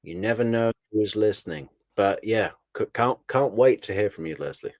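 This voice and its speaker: Chatty low-voiced man hosting a stream. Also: moderate pace, no room sound. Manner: chatty, laughs often, thanks viewers warmly by name. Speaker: true crime commentary host. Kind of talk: casual live-stream commentary.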